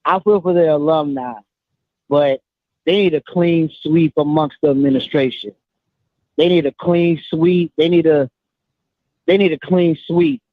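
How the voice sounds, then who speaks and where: A man's voice: fairly high pitch, steady tone, a little slow, long pauses, no echo. A man calling into a show, making his point emphatically and repeating himself. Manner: repetitive, emphatic. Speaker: caller. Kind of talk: call-in opinion. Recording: tinny phone line.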